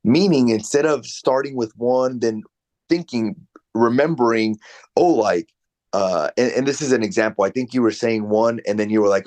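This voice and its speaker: A man's voice: lowish voice, moderate pace, darkish tone. A man coaching a salesperson over a video call, giving direct, conversational feedback. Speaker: real estate sales coach.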